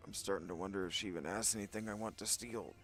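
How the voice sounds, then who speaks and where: A man's voice: deep voice, quick pace, a bit bright, faint music behind. A man casually commenting as he plays a game, chatty and reflective. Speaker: game streamer.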